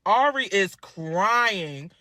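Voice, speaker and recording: A woman telling a story in a crude, animated way, swearing freely. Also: medium pitch, very slow, no echo, studio quality. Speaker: vlogger. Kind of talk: casual storytelling.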